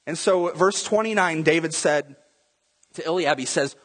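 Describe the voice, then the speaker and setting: Brief: male pastor, slightly high husky voice, chatty sermon that slips into character voices, long church reverb. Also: normal speed, a bit bright. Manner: conversational, acts out Bible scenes in voices.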